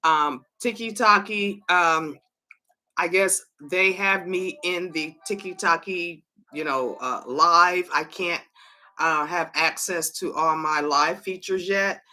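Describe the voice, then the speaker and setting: A woman hosting a casual livestream. Her voice is hoarse and cracking. She eagerly calls viewers to join in and talks haltingly, with many fillers. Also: on the low side, sharp tone. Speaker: livestream host.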